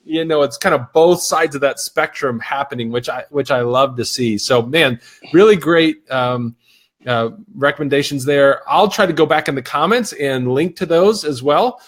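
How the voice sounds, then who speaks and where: A man's voice: a little high, normal speed. A man hosting a live video interview, affirming his guest and reading viewer questions with lots of fillers. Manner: enthusiastic, affirming, many "like"s. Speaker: interview host.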